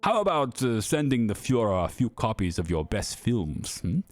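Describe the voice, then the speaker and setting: A man voicing a cold, menacing German official with a put-on German accent, speaking slowly and smugly. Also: fairly low pitch, very animated, no echo, soft background music. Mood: coldly menacing. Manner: slow, drawn-out, smugly threatening.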